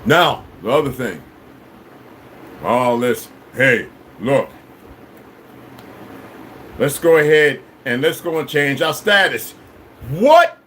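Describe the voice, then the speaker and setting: A man delivering a combative, profanity-laden monologue to camera, dropping to low mutters and rising to shouts, with many restarts and repeated words. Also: takes it slowly, long pauses, slight background noise. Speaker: vlogger.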